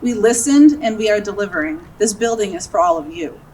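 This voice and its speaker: A woman's voice: mid-range voice, expressive, fairly quick, darkish tone, a little hiss or hum. A woman library director giving a ceremony speech outdoors, earnest and a little emotional, laughing at herself now and then. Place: outdoors at a groundbreaking. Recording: distant outdoor recording, faint ambience.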